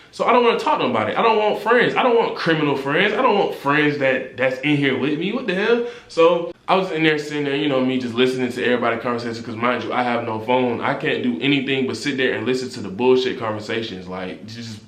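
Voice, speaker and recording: A young man spins a casual storytime in heavy street slang. His voice sits mid-range and jumps higher when he gets worked up. The room around him is bare and echoey. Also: fast, few pauses. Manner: animated slangy storytelling, rising when indignant. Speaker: vlogger.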